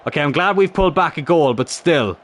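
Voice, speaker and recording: A man with a fairly high, animated voice talks fairly quickly while playing a football career mode, commentating live as a gaming YouTuber. He's exasperated, swears, and urges on his players on screen.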